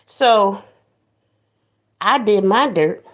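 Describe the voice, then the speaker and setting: Woman w/ AAVE ranting slow n blunt on her show, preachy, mocks folks. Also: mid-range voice, expressive, muffled recording. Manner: blunt, preachy, mocking voices of others. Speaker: host. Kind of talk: casual commentary monologue.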